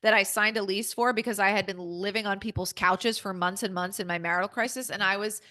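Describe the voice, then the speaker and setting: Bright-voiced woman, podcast guest, candid, emphatic, middle pitch. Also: fairly even intonation, fairly quick. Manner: candid and emphatic, acts out inner dialogue.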